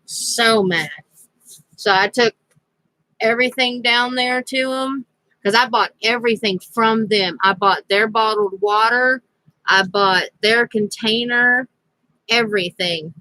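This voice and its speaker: A woman's voice: fairly high pitch, slow pace, sharp tone, no echo, low-quality recording. A woman vlogger telling a rambling personal story in a casual, chatty way, laughing now and then. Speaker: crafting vlogger.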